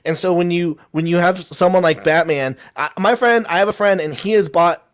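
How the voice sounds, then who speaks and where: A man in a casual debate, talking in quick bursts with many false starts and restarts, animated as he argues his point. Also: high-pitched, clear, resonant tone. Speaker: guest.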